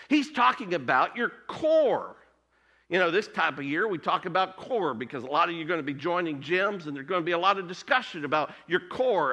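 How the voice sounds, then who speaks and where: A man preaching a sermon as pastor, animated, rising high and dropping to near whispers.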